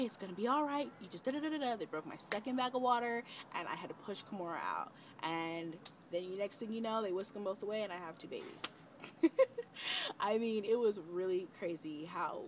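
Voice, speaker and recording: A young woman casually recounting a personal story on a home video, chatty and relaxed, with many fillers and quoted lines. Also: fairly low pitch, a little hiss or hum. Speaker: vlogger, mother of twins.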